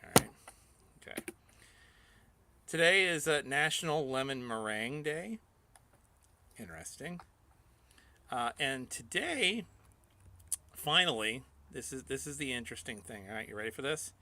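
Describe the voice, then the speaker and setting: A man's voice: medium pitch, measured pace, pauses often. A man hosting a casual radio show, joking with his co-host and reading out the day's national holidays. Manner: jokey, animated, reads out national days. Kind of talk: casual on-air banter.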